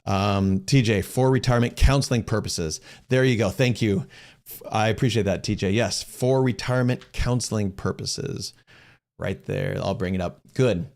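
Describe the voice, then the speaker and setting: A man's voice: lowish voice, normal speed, creaky, a little mellow. A middle-aged man hosting a question-and-answer session, explaining things in a casual, conversational way, often restarting phrases and acting out quoted dialogue. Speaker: host answering viewer questions.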